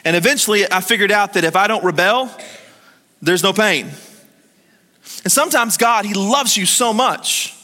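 A man preaching a sermon as pastor of a church, telling stories in a lively way and calling on the congregation to answer him. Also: high-pitched, moderate pace, pauses often. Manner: lively storytelling, calls on the congregation to respond. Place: church hall. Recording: long hall reverb.

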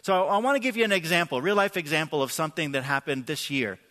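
Bright, earnest male pastor in a hall. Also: on the high side, fast. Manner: conversational, earnest, many repeated words and "right?". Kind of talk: sermon.

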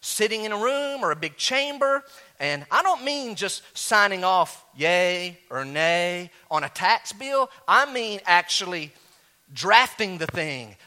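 A man preaching a sermon as pastor, animated, swinging from loud high exclamations down to low quiet asides. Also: measured pace.

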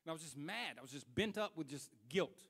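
Young guy preaching, tells his story all animated, voice sits a bit high. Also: brisk, husky, in a large hall. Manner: animated, swings from hushed self-scolding to loud retelling. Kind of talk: sermon storytelling.

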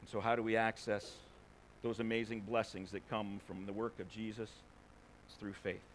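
A man's voice: lowish voice, level tone, normal speed, a little hiss or hum. A man preaching a sermon in a conversational way, asking rhetorical questions and acting out quotes. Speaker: pastor.

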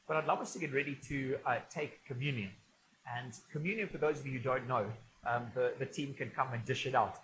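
A pastor gives a sermon in a casual, joking tone and often restarts his sentences. His voice sits at a middle pitch for a man. There is faint noise in the church room. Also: a little fast. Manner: conversational and humorous, with frequent restarts. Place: church auditorium.

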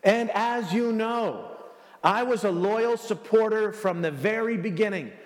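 A man voicing a scheming, ambitious ancient king who slowly and grandly pledges his loyalty. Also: high-pitched. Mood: grandly flattering. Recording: long reverb of a large hall.

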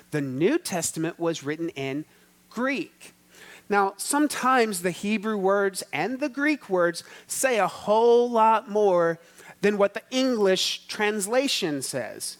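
A male pastor preaching a sermon, teaching emphatically, repeating key words and asking the congregation to answer back. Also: sits high.

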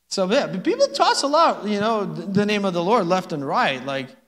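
A man preaches in a relaxed, conversational way, slipping in jokes and asking his congregation for an amen. His voice sits on the high side. The sound rings with the long reverb of a church hall. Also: a little fast. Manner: conversational and joking, with frequent laughs and "amen?". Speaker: pastor. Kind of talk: sermon. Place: church sanctuary.

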